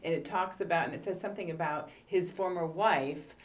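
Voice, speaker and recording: Woman, middle-aged, casting director, low voice, animated casual chat. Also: a little fast. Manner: animated, laughs often, acts out quoted actors.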